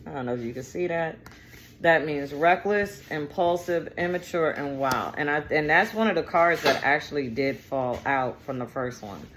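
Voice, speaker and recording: A woman's voice: deep voice, normal speed, a bit bright, a little hiss or hum. Chatty, cussing woman reading tarot. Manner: chatty, digressive and profane, with slang. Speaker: tarot reader.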